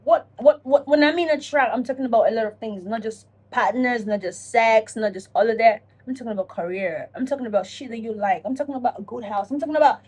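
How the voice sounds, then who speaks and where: A woman talking casually to camera in a self-reflection vlog, animated and profane, acting out her own inner dialogue. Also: a little high, fast talker, hardly any pauses, husky. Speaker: vlogger.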